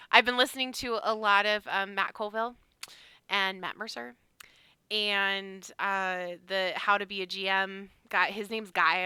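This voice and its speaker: A woman co-hosting a casual recap chat as game master, animated and laughing often, with many fillers. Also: mid-range voice, clean tone, no echo. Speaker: podcast co-host and game master.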